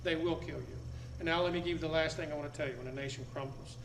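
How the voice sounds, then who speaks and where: Rapid-fire and a bit bright, a middle-aged man's fairly high voice holds a fairly even intonation as he addresses a live audience in a meeting room. He hammers home his points bluntly and emphatically by repeating them. Faint noise and an echoey room color the sound.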